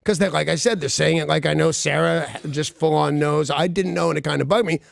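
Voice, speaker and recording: A man's voice: a little high, fairly even intonation, brisk, vocal fry, no echo. A man hosting a radio morning show, chatting casually in a rambling, self-mocking way full of restarts, on a studio microphone. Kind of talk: casual on-air banter.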